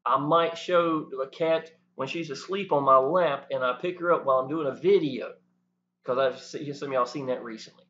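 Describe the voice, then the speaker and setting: A man talking to the camera, animated and preachy, often saying "y'all". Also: mid-range voice, moderate pace, a little hiss or hum. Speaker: network marketing promoter. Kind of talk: casual talk to camera. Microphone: camera mic. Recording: dull lo-fi sound.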